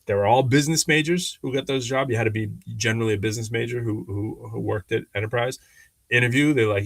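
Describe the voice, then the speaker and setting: A medium-pitched man with vocal fry talks fast as a podcast co-host, telling rambling, animated stories full of fillers and restarts and acting out other people's lines in shifting voices. The recording is dry.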